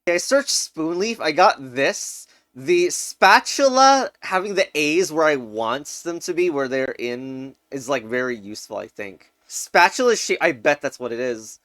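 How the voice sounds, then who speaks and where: A man's voice: fairly high pitch, expressive, unhurried, few pauses, a bit bright, no echo, clean studio sound. A young man casually commenting while solving crosswords, thinking aloud, muttering and laughing often. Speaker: puzzle game streamer.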